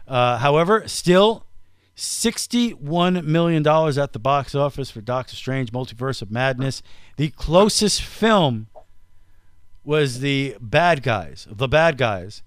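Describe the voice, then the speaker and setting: A man hosting a podcast in casual chat, talking fast and teasing his co-host. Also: mid-range voice, lively intonation, smooth, no echo, studio quality.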